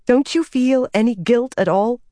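A man voicing a stubborn young woman healer who speaks in a sharp, indignant, pleading way, with the voice raised well above his own. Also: high-pitched, unhurried, dry recording, studio quality. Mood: angry, indignant.

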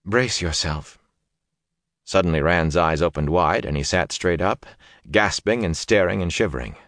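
A deep-voiced man reads a fantasy audiobook in a measured, even way. The recording is dry and close, with almost no room sound. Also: no echo. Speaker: audiobook narrator. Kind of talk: scripted fantasy narration.

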